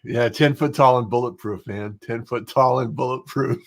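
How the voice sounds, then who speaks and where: Relaxed rambling male podcast host. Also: mid-range voice, moderate pace, vocal fry. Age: middle-aged. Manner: relaxed, rambling, with frequent fillers. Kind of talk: casual interview chat.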